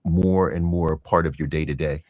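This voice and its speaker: A man hosting an interview, asking questions in a measured, affirming way. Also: extremely low pitch, steady tone, a little mellow, dry recording. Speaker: interview host.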